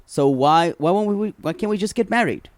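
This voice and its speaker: A man playing a nervous young groom who pleads with his bride in a halting, hesitant way. The voice is mid-pitched with a lively melody, recorded close and dry. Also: dry recording. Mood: pleading.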